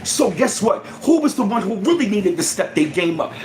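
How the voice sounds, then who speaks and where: Animated, ranting man in echoey room. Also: high voice, normal speed, slight background noise. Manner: animated, profane, repetitive ranting. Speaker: channel host. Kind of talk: casual ranting livestream.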